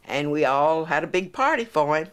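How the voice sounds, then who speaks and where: Woman, reminiscing interview, low-pitched, fond. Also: expressive, normal speed, smooth.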